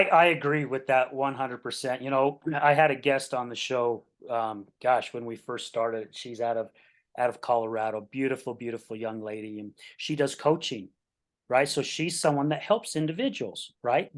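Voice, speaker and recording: Storytelling man host, mid-pitched. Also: normal speed. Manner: animated storyteller, keeps asking "right?". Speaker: podcast host. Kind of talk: interview conversation with storytelling.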